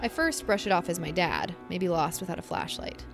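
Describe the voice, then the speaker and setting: A woman's voice: on the low side, over music. Woman telling a spooky camping story. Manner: animated, halting storytelling with fillers. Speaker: podcast co-host. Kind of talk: casual chat and story reading.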